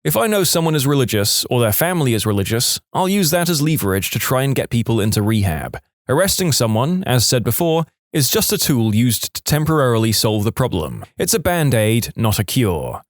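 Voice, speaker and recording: A man's voice: medium pitch, sing-song, fairly quick, few pauses, no room sound. Guy reading reddit stories, wry, voice goes up and down a lot, dry close mic. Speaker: story narrator. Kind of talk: reading online stories aloud.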